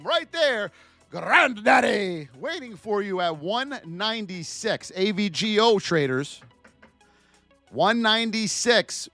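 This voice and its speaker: A man hosting a live stock trading stream, giving market commentary and shouting out chat names in an animated, sing-song way. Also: high-pitched, moderate pace, no echo, faint music behind. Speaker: stock trading livestream host.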